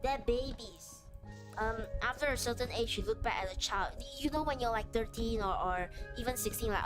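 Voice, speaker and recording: A woman's voice: on the high side, fairly quick. A young adult woman streaming as a VTuber, chatting earnestly and animatedly with many restarts and fillers. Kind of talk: casual chat on a livestream. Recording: game music behind the voice. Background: background music.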